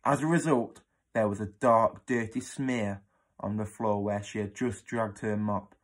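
A man reading a children's book aloud in an expressive, dramatic way. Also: lowish voice, unhurried. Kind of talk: storybook read-aloud.

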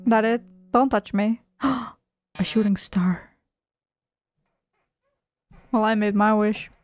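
A woman's voice: mid-range voice, fairly even intonation, takes it slowly, darkish tone, faint music behind. A woman playing a game and reading its dialogue aloud in silly voices, with a sarcastic manner and frequent swearing. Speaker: let's play gamer.

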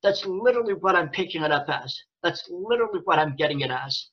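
A man's voice: sits high, expressive, fast talker, fairly bright tone, breathy edge, muffled recording. A man ranting angrily and sarcastically to his viewers, swearing often and restarting his sentences. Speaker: vlogger. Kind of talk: angry rant to camera.

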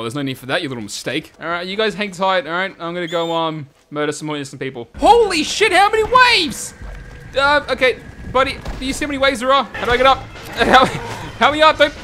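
A man giving crude, comedic commentary over a video game, often shouting and laughing. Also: high voice, background noise. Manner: loud, crude, shouts often and laughs at his own jokes. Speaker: gaming channel host. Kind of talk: profane comedic gameplay commentary.

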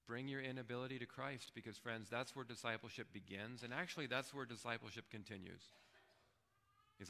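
A man pastor preaching a sermon in a relaxed, conversational way, often checking in with his listeners. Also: medium pitch, fairly quick, vocal fry, in a large hall. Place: church sanctuary.

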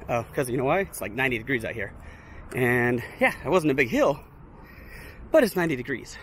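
An excited man talks his viewers through a walk by an old steel bridge, chatty and a bit breathless from the heat. His voice sits at an ordinary middle pitch, picked up on a handheld mic. Faint outdoor noise runs underneath. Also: fairly quick. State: slightly out of breath. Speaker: vlogger visiting a film location. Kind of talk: casual walking vlog to camera. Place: outdoors by a steel bridge in hot dry hills.

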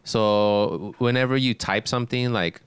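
A man's voice: fairly low pitch, measured pace, clean tone, dry recording. A young Japanese man co-hosting a casual chat, playfully explaining slang and switching between Japanese and English. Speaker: co-host.

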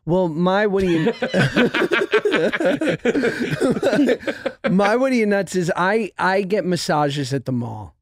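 A man's voice: high voice, sing-song, drawn-out words, pauses often. A man hosting a podcast, telling stories in casual comedic chat and laughing at his own jokes. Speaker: podcast host.

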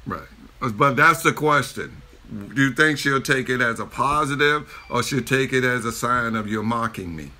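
A man with a bright, forceful voice chats casually while reacting to a video. He jokes easily and gets animated, restarting sentences and trailing off mid-thought. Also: medium pitch, normal speed. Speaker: reaction video co-host, a father.

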